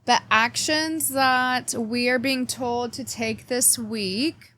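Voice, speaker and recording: Slow-talking woman, chatty astrology host. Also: on the high side, fairly even intonation, pushed and bright. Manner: chatty and playful, cheeky swearing, talks straight to viewers. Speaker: astrology reader and channel host. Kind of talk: casual weekly astrology forecast with card reading.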